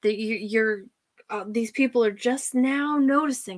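Woman ranting, slow and sneering. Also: on the high side. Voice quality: scornful, mocking, sarcastic, laughs often. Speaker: channel host. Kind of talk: profane ranting commentary.

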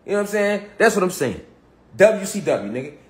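A man launches into a profane, impassioned rant, hammering the same points again and again. His voice sits high and the words tumble out quickly. The room gives his voice a roomy, echoing ring. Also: big pitch swings. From Chicago. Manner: emphatic, profane, repetitive street talk. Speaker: commentator.

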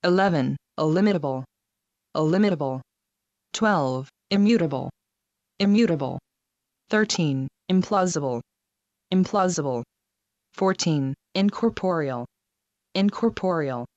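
Female word-list reader, unhurried and even, each word repeated twice, muffled dry recording. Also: on the low side, no echo. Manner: reads numbers then each word twice, measured and even. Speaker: vocabulary reader. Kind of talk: slow word-list drill reading.

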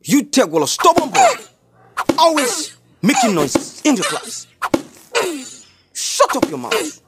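Brief: woman acting a fierce scolding Nigerian teacher, high and slow, faint background hiss. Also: wildly swooping pitch, full character voice. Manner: scolding, shouty. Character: strict shouting female schoolteacher. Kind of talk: comedy skit acting.

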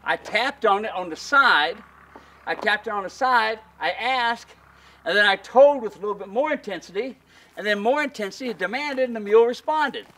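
A man's voice: high voice, animated, moderate pace, pushed and bright. A man coaching a group through a hands-on mule training demonstration, in a folksy, plain-spoken way that calls his audience folks.

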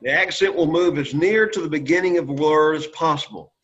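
A man's voice: a little high, fairly quick, fairly bright tone. A man teaching a Greek class, quizzing students and checking in with "okay?" and "right?". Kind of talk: classroom lecture. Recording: lo-fi classroom recording.

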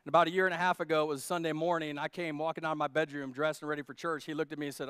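High-voiced animated preaching man. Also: very fast, few pauses, smooth, no room sound, studio quality. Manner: animated, swinging from shouted emphasis to quiet asides; humorous, talks directly to the congregation. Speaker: pastor. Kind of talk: sermon.

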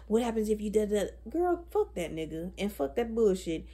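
A young woman in her twenties chats on camera in a blunt, profane, animated way. Her voice is husky, with a dark, mellow tone. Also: mid-range voice, normal speed, hardly any pauses. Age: 20s. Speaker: vlogger. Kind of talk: casual chat.

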